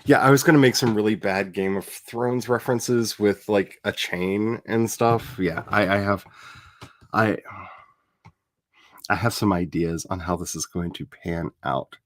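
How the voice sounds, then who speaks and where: A man's voice: fairly low pitch, unhurried, no echo, studio quality. A man talking casually on a livestream as he builds his fictional world, chatty and playful, addressing his viewers and grumbling at his browser.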